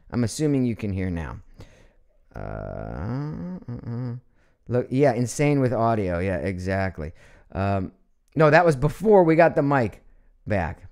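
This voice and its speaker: Animated man chatting on a live stream. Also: medium pitch, clean tone. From Ohio, USA. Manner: chatty and animated, laughs often, reads viewer comments aloud. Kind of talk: casual live stream chat. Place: home.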